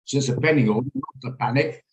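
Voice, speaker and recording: A man's voice: medium pitch, fast, roomy sound, low-quality recording. A man hosting a live trading lesson on a video call, explaining his orders and checking in with attendees by name. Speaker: trading room host. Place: home office on a video call.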